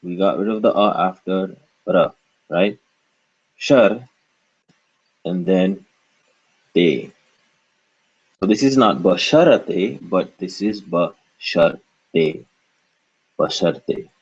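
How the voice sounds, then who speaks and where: A man's voice: low-pitched, slow, pauses often, a little mellow, breathy edge. A man teaching a reading lesson, patiently sounding out syllables and repeating them for the learner. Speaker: language teacher. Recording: dull lo-fi recording.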